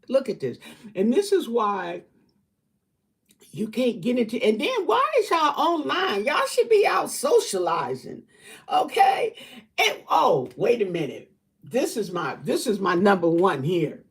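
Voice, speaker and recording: A woman's voice: fairly high pitch, slightly rough. A middle-aged woman hosting a casual chat with online viewers. She talks in an emphatic, preachy way, repeats herself and laughs a lot. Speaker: livestream host.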